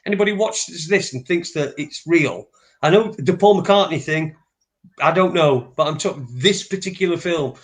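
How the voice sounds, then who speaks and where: A man rambles through a story, swearing freely as he goes. His voice sits a little higher than most men's. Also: moderate pace. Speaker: podcast co-host. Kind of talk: casual chat.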